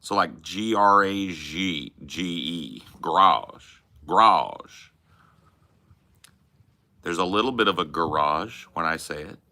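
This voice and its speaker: A man's voice: sits low, moderate pace, hardly any pauses, sharp tone. A man with a Californian accent hosting a podcast, chatting loosely with casual swearing and lots of "bro" and "man". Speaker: podcast host.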